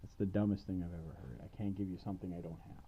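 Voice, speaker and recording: A man's voice: deep voice, racing, lo-fi sound, slight background noise. A man voicing an exasperated young daughter in a casual retold fairy tale, whiny and sarcastic. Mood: annoyed.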